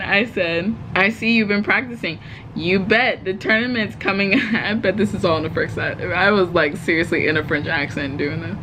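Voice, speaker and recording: A woman's voice: lowish voice, a bit bright, slight background noise, rough recording. A woman reading her own story aloud, breaking off with giggles and joking asides. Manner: giggly, breaks off to laugh and comment.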